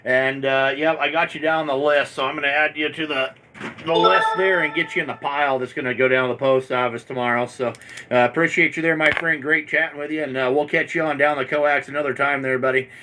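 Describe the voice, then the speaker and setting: A man's voice: a little high, steady tone, fairly quick, noisy background. A man from Montana chatting casually on the air as an amateur radio operator, folksy and friendly, tagging "there, my friend" onto his lines.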